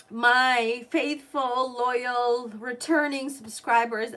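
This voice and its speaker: A woman's voice: fairly high pitch, steady tone, takes it slowly, few pauses, fairly bright tone. A woman tarot reader live-streaming a reading, chatty and openly emotional as she talks to her viewers.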